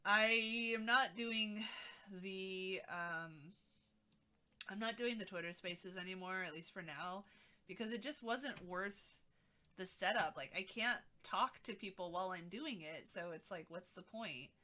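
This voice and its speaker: Une femme qui anime un stream en direct et bavarde de façon décousue, avec des remarques sarcastiques. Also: female voice, medium pitch, unhurried, sharp tone. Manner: rambling, sarcastic asides. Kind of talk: casual live-stream chat.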